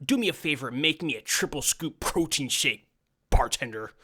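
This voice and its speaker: A man's voice: medium pitch, expressive, normal speed, bright, forceful tone, slightly rough. A man voicing a brash young male gym-bro customer at a bar in a game, pushy and demanding. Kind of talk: game character voice.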